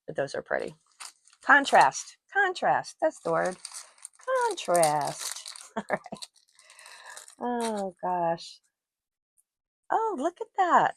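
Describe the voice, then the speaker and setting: A woman's voice: lowish voice, gravelly, dry recording. A woman hosting her own jewelry channel, chatting casually and gushing over each piece, with self-deprecating asides, on a personal microphone. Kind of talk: casual show-and-tell chat. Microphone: personal microphone worn while talking.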